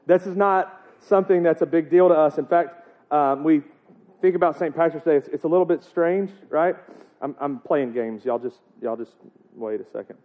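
A man's voice: fairly high pitch, moderate pace. A man preaching in a casual, joking way, often asking the congregation rhetorical questions. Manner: joking, chatty, asks the crowd rhetorical questions. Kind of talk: casual sermon. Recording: tinny phone-like sound.

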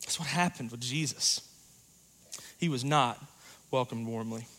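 A man preaching a sermon in a church, talking casually and joking, going loud and then quiet for emphasis. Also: medium pitch, measured pace. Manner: conversational, joking, rises and drops in volume for emphasis.

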